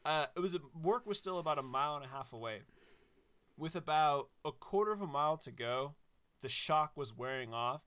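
A man casually telling a personal anecdote, animated and laughing at his own story. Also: fairly high pitch, brisk, clear, resonant tone.

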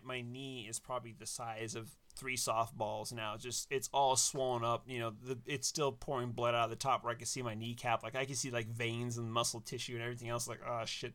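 A man casually telling a personal anecdote, animated and laughing at his own story. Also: medium pitch.

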